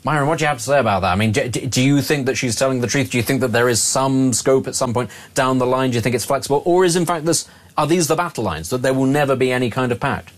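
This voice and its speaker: Male radio host, rapid talker, rambling, mid pitch. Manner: fast, chatty, prone to tangents. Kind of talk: talk radio chat and interview.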